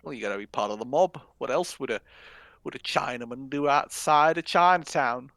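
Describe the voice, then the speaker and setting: A man's voice: fairly low pitch, animated, very fast, no room sound, studio quality, pitched below the performer's own voice. A man putting on a mocking caricature of a southern-accented bigot, in a sneering tone.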